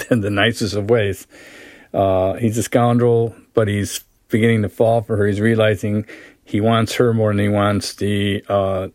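Literature teacher reading a story aloud and explaining it, low voice, dry close sound. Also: male voice, dry recording. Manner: measured, steady reading; plain explaining with fillers.

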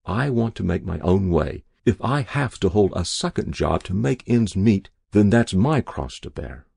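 A man's voice: low voice, very animated, unhurried, gravelly, a little mellow, slightly rough, no room sound, studio quality, full character voice. A man reading the part of a stiff, touchy middle-aged family man who speaks earnestly and defensively. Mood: indignant.

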